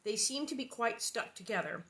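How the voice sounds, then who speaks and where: Woman, casual storyteller, bright and punchy tone, rambling asides between read passages. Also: fairly high pitch, expressive, normal speed, a little hiss or hum. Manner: chatty, rambling, playful asides. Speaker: actress reading a children's novel aloud. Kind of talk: casual chat and reading aloud.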